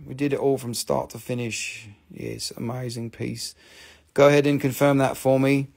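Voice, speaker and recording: A man's voice: mid-range voice, little pitch movement, normal speed, vocal fry, darkish tone. A man hosting a live stream, selling crystals in casual, joking sales patter full of swearing. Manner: chatty, profane and joking.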